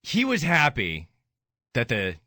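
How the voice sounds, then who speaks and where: Grieving radio host, lively swings in pitch. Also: male voice, slow pace, dry recording, studio quality. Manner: raw, grieving, rises to anger. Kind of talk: emotional radio talk.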